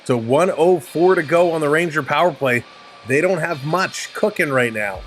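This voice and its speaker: A man's voice: fairly high pitch, normal speed, a bit bright. A tired man hosting a livestream, calling a hockey game play by play and chatting with viewers between plays. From Canada. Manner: chatty, running play-by-play while answering viewers. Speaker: livestream host. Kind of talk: play-by-play commentary with chat replies.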